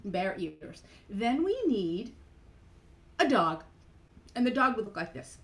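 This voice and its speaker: A woman's voice: mid-range voice, sing-song, slow, fairly bright tone. A woman cantor leading a playful children's program over a video call, animatedly guiding kids through movements.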